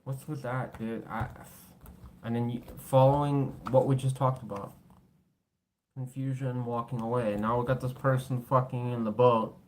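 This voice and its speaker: A man's voice: medium pitch, steady tone, normal speed, a little hiss or hum. A man doing a casual tarot reading, blunt and swearing freely, tired, with his voice cracking. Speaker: tarot reader.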